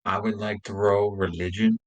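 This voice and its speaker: A man's voice: fairly low pitch, little pitch movement, normal speed, highs cut off. A man playing a tabletop game, making offhand remarks about his character. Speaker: player. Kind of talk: casual tabletop game chat.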